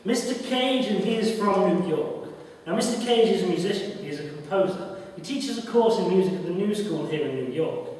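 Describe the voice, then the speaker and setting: A man doing a courteous vintage game show host, inviting guests in with formal announcer phrasing. The voice sits high, and it rings with the long echo of a big room, heard from a distance. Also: lively intonation, a little fast, a little mellow. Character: genial male TV quiz host, smooth and polite. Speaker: live performer. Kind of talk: reenacted 1950s TV game show hosting. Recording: echoey hall, mic far off.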